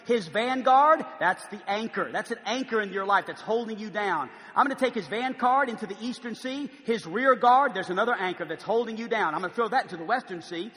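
A male preacher with a very high, bright, ringing voice delivers a sermon. He moves from hushed, pleading moments to loud, forceful proclamation. His voice carries with the long reverb of a large church hall. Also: animated, fairly quick.

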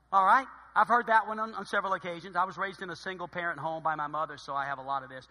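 A man preaching a sermon in church in a lively, joking way, acting out his mother's old sayings. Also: high-pitched, rapid-fire, few pauses. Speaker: pastor. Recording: long hall reverb.

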